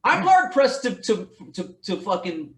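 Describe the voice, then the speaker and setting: A man hosting a casual podcast conversation, talking in a slightly high voice that wanders and restarts mid-thought. His sound carries a noticeable room echo, and he drops the odd swear word along the way. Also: big pitch swings, unhurried. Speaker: podcast host. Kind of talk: casual interview chat.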